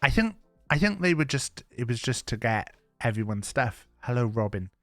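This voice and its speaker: A man streaming live, chatting casually to his viewers, rambling and swearing with sudden excited outbursts. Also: medium pitch, moderate pace, dry recording, soft background music.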